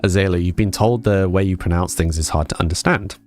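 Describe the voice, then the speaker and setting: This streamer is a Scottish man whose voice sits low, with a brisk pace and a darkish tone. In a casual chat, he reads comments from viewers out loud and responds with plenty of laughter while soft music plays behind him.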